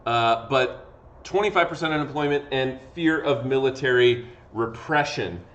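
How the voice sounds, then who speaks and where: A man's voice: mid-range voice, moderate pace, a bit bright, lo-fi sound. A man, a history teacher giving a casual lecture over a video lesson, tired from talking, with lots of fillers and acted-out quotes. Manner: conversational, acts out quotes with fillers. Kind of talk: classroom lecture.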